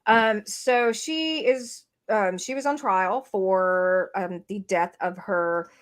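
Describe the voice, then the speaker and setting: A woman's voice: mid-range voice, slow. A woman co-hosting a true-crime podcast, recapping a case in a rambling way with many fillers and restarts. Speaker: podcast co-host. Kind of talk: casual true-crime chat. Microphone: streamed podcast mic.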